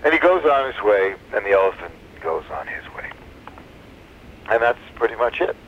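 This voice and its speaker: A man's voice: lowish voice, sing-song, normal speed, a little hiss or hum. A man telling a long joke on community radio, rambling with restarts and fillers, heard over slightly dull radio audio.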